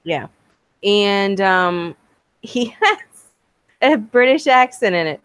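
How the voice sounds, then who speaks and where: A woman's voice: mid-range voice, expressive, slow, a bit bright, smooth, dry recording. A woman chatting casually, swearing freely and laughing often. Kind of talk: casual chat.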